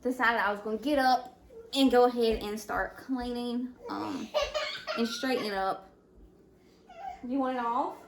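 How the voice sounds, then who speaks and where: A woman in a casual home vlog, her slightly high voice full of vocal fry. She talks hesitantly, full of fillers and restarts, and sounds overwhelmed and emotional, recorded on a camera mic at home. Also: steady tone, moderate pace, background noise. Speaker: stay-at-home mom vlogger. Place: at home indoors.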